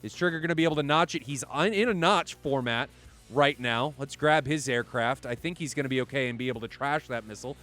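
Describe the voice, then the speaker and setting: A man's voice: medium pitch, fast talker, fairly bright tone, faint music behind. A man giving live play-by-play commentary on a flight simulator match, chatty and often correcting himself. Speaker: esports commentator.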